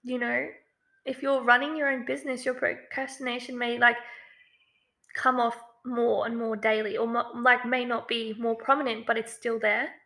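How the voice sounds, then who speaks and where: A woman co-hosting a self-development podcast in an upbeat, chatty way. Her voice is bright and clear and sits a little high, and she leans on filler words as she talks. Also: little pitch movement, moderate pace. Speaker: podcast co-host. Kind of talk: casual podcast chat.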